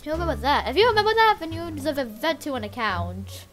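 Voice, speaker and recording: A woman casually commenting while playing a game, rambling and excitable with lots of filler words. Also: sits high, quick pace, soft background music. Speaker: gameplay channel host.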